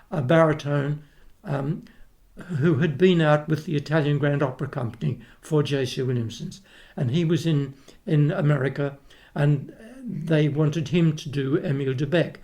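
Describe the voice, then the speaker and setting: Older man, Australian accent, gravelly, slightly high voice, rambling storyteller, interview guest. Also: darkish tone. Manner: rambling anecdotes with restarts, acts out quoted voices. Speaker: guest, retired opera tenor.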